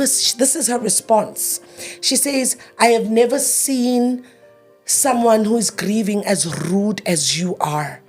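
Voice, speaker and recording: Somewhat high and husky, this woman's voice belongs to a grieving interview guest in her thirties. She repeats herself emotionally and replays old arguments as quoted dialogue.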